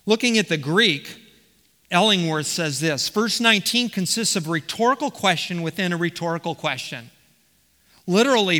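A man's voice: high-pitched, lively intonation, moderate pace, bright, forceful tone. A man preaching a verse-by-verse sermon as the pastor, reading passages aloud and often restarting his phrases. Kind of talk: expository sermon. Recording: reverberant hall.

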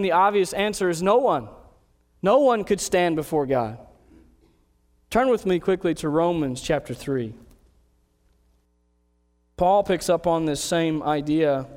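A man preaching a sermon as pastor, earnest, slowing down to read scripture aloud. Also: a little high, darkish tone, in a large hall.

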